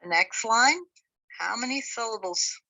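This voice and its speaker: A woman's voice: fairly high pitch, a little slow, creaky, sharp tone, rough recording. A woman teaching a beginners' language class, patiently sounding out words syllable by syllable. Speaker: Hebrew teacher. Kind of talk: slow spoken language lesson.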